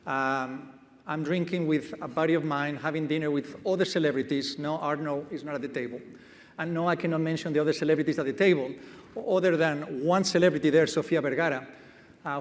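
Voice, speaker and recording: A man, a company chief executive, telling a self-deprecating story on a conference stage. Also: a little high. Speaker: medtech company CEO. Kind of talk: onstage anecdote telling. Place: large conference hall stage. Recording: reverberant conference hall.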